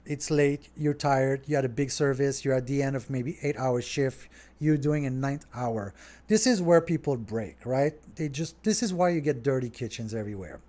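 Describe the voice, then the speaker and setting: A middle-aged French Canadian man from Montreal, talking casually and rambling a little as he answers viewer questions on his podcast. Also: mid-range voice. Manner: relaxed, rambling, talks straight to viewers. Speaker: restaurant owner hosting a Q&A.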